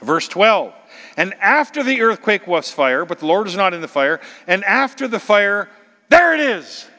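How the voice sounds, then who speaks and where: High, bright-voiced preacher in a reverberant hall. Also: male voice, big pitch swings, measured pace. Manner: dramatic, shifts from whispers to loud exclamations. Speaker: pastor. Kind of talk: sermon.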